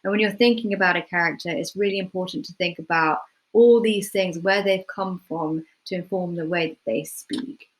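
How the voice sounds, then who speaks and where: Low-voiced woman teaching, full of ums. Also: normal speed, hardly any pauses, low-quality recording. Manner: relaxed, full of ums and hedges. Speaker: playwriting tutor. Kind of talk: casual instructional talk to students.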